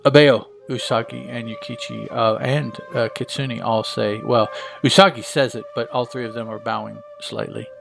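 A man's voice: medium pitch, steady tone, moderate pace, creaky, fairly bright tone. A man casually reading a comic book aloud, adding chatty asides and fillers.

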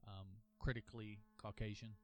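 A man's voice: on the low side, flat delivery, brisk, faint music behind. A man hosting a casual solo comic review, thinking aloud with many restarts and an earnest, apologetic manner. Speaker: podcast host reviewing a comic.

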